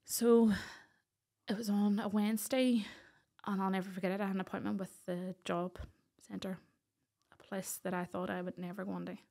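A woman with a Northern Irish accent tells her own story as a podcast guest. Her voice sits in a middle register with a gravelly edge. She tells it with energy and acts out the voices of the people she quotes. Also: medium pitch, level tone, moderate pace, dark tone. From Northern Ireland. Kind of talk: personal storytelling in a podcast interview.

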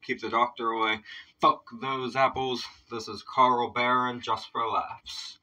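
Bright-voiced, laid-back reaction host man. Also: mid-range voice, little pitch movement, measured pace, distant mic, low-quality recording. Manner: laid-back, chatty, swears casually. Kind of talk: casual reaction commentary.

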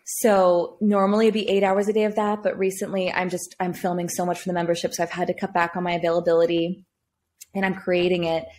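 A woman's voice: fairly low pitch, little pitch movement, quick pace, a little mellow. A woman singing coach talking casually as a podcast guest, chatty and full of "like". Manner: chatty, peppers speech with "like".

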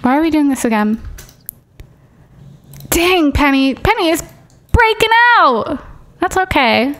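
A woman's voice: high voice, a little slow. Chatty young woman voicing game commentary. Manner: chatty, excitable, bossing her game characters around. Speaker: streamer. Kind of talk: casual gameplay commentary.

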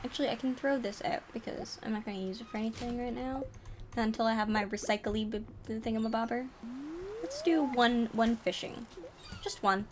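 A woman's voice: fairly high pitch, steady tone, fast, noisy background. A woman streaming a game live, chatting casually in a playful, rambling way. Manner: playful, rambling, giggly asides. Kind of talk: casual live gameplay chat.

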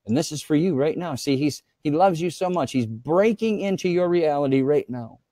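A man's voice: on the high side, expressive, normal speed, dark tone, no room sound, clean studio sound. A man preaching as a guest pastor, fervent and repetitive, often speaking in the voice of God to his viewers.

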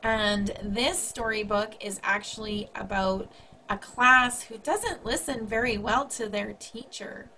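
A woman on a school's staff talks to young children in a bright, upbeat way, keeping it friendly and simple. Her pitch sits in an ordinary middle range. A faint hum of noise runs underneath. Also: takes it slowly, rough recording. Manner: upbeat, speaks warmly to young kids.

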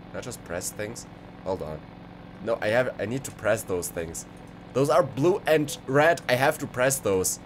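A man giving excitable let's play commentary, exclaiming and rambling as he goes. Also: medium pitch. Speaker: gaming video creator. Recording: clear background game noise.

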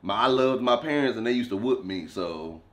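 A man's voice: medium pitch, animated, normal speed. A young man co-hosting a couple's channel who answers his partner's teasing with defensive, joking comebacks in casual banter.

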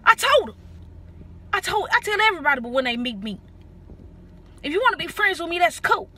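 A woman telling comic stories in a sassy, animated way, talking straight to the viewer. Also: very high voice, quick pace. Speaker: comedic vine creator. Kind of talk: comedic storytelling monologue.

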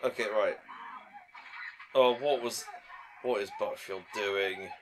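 A man's voice: on the low side, slow pace, background noise. A man giving a blunt, mocking film commentary, swearing freely. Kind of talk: casual film commentary chat.

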